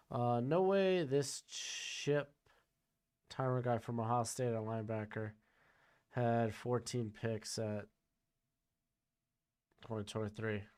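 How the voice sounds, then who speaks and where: A man's voice: medium pitch, clear, resonant tone. A man streaming casually, reading viewer questions and commenting on draft picks. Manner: chatty, reads chat questions aloud.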